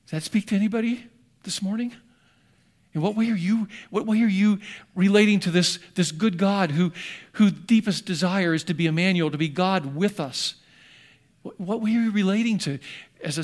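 An older man who is a pastor, preaching a sermon in an earnest storytelling manner that shifts between hushed and emphatic. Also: high voice, normal speed.

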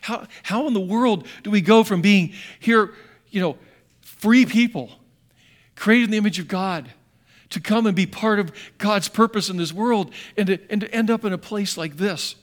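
A man preaching a sermon in a dramatic way, acting out quotes and moving from loud bursts to hushed lines. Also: sits high, moderate pace. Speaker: pastor.

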